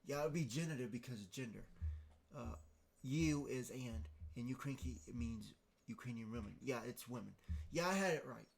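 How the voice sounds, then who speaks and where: A man talks through a grammar point on his podcast at a mid pitch. He thinks out loud, hesitating, restarting, and dropping ums between phrases, in a loose conversational way. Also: lively intonation, normal speed, gravelly. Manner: hesitant, many fillers and restarts, thinking aloud. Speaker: podcast host. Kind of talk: casual explanatory monologue.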